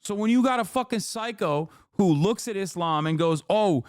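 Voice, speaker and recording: A man's voice: sits high, animated, normal speed, few pauses, clear, resonant tone, no room sound, studio quality. A man in his thirties streaming a reaction, ranting heatedly with lots of swearing and exasperated repetition. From grew up in a Muslim country. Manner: profane, exasperated, emphatic repetition. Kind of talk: heated casual rant.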